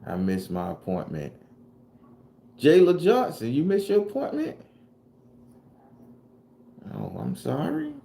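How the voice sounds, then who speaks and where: A man's voice: fairly high pitch, wildly swooping pitch, takes it slowly, creaky, pauses often, warm tone, a little hiss or hum. A man from southern Florida with a Southern US accent, a tarot reader and channel host talking casually on a livestream. He answers live chat comments in loose, profane slang. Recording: echoey room.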